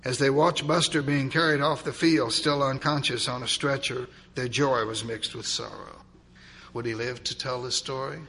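A man narrating a dramatic story, swinging from loud, urgent passages to hushed ones. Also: mid-range voice, fairly even intonation, normal speed, a little hiss or hum.

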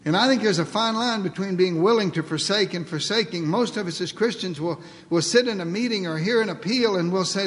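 A man preaching a sermon, dramatically acting out prayers and dialogue, swinging between loud pleas and near-whispers. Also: high-pitched, fairly quick, few pauses, long reverb tail. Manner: dramatic, acts out dialogue with God.

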